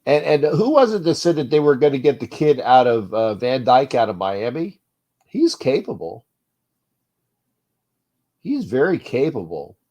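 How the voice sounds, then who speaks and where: A man with a stuffed-up nose hosts a sports talk show, rambling along at a middling pitch. He trails off into low mutters, restarts his sentences, and then gets loud. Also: very animated, a little slow, pauses often. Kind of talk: uncensored fan rant show.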